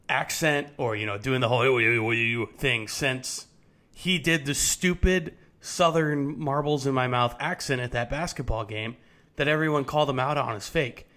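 A man's voice: mid-range voice, a bit bright. A young man co-hosting a sports podcast, chatting casually and rambling with many restarts. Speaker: podcast co-host.

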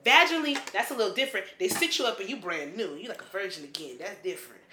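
Frank, sharp-toned woman podcaster, roomy sound. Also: mid-range voice, lively intonation, fast. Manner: frank, opinionated, swears, says she is tipsy. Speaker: podcast co-host. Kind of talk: casual podcast chat. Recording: roomy with faint background noise.

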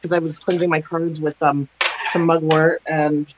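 A woman co-hosting a livestream, talking in a relaxed, matter-of-fact way while she sets up. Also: sits low, moderate pace, highs cut off, background noise. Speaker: co-host, card reader. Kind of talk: casual livestream chat.

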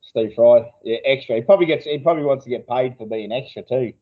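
A man's voice: mid-range voice, fast talker, phone-quality sound. A man co-hosting a podcast, telling rambling crude anecdotes in casual banter. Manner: rambling anecdotes, frequent swearing, laughs at own stories. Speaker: podcast co-host.

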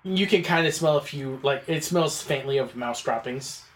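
A man narrating as game master of a tabletop game, relaxed and rambling with lots of fillers. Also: mid-range voice, moderate pace.

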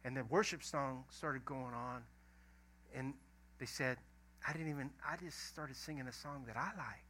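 A middle-aged pastor, preaching a sermon in a folksy storytelling way that swings from loud emphasis to a hushed near-whisper. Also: male voice, mid-range voice, normal speed, slight background noise.

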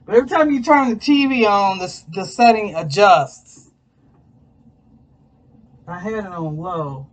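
A man's voice: sits high, lively intonation, unhurried, pauses often, no room sound. A man hosting his own podcast, talking in a rambling, casual way, swearing freely and addressing listeners as y'all. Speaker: podcast host. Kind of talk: casual chat.

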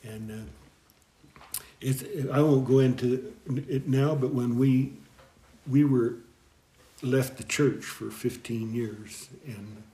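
A middle-aged man telling his life story in an interview, rambling and halting, with frequent chuckles. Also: mid-range voice, fairly even intonation, warm tone. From American Southwest. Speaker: guest deacon. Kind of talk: storytelling in conversation. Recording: echoey room.

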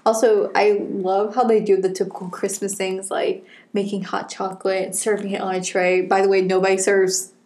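A woman's voice: mid-range voice, little pitch movement, normal speed, a little mellow. A young woman co-hosting a casual chat, chatty and opinionated. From Southern United States. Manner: chatty, opinionated, laughs easily. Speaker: co-host.

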